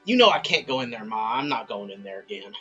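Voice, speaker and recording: A man's voice: lowish voice, big pitch swings, fast, bright, forceful tone, breathy edge, muffled recording, faint music behind, pitched below the performer's own voice, full character voice. A man voicing a hotheaded young farm boy who swears and acts on impulse. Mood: upset.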